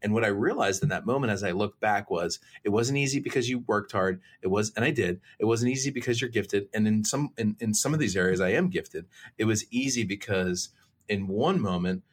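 A man with a husky, somewhat low voice shares faith stories on a talk show. He tells them animatedly and often restarts his sentences. He sounds like a preacher speaking in ordinary conversation. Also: brisk. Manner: animated storyteller, many restarts. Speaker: guest.

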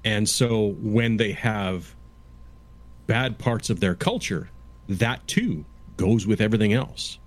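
A man in his fifties with a lowish voice, explaining history in casual conversation. He lectures in a halting way, restarting phrases and circling back. The delivery stays conversational and unscripted. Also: lively intonation. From Canada. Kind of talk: casual chat.

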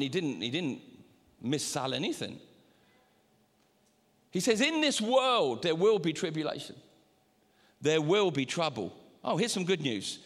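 Male pastor, fairly high voice, lively sermon delivery, long hall echo. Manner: animated preaching with sudden high pitch jumps.

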